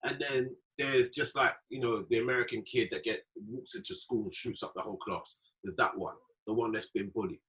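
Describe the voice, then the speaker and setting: A man's voice: medium pitch, fairly even intonation, a little fast, few pauses, sharp tone, poor audio. A man, co-hosting a podcast and talking earnestly in a casual chat, often ending lines with "bro". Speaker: podcast co-host.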